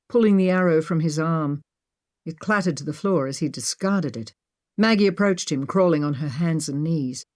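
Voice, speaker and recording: A woman narrating an adventure audiobook in a steady, measured way. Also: lowish voice. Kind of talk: scripted narration.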